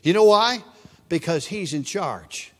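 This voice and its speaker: A man's voice: sits high, lively intonation, measured pace, fairly bright tone. A male preacher giving a sermon, emphatic and repeating his scripture references, in a church sanctuary. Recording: long church reverb.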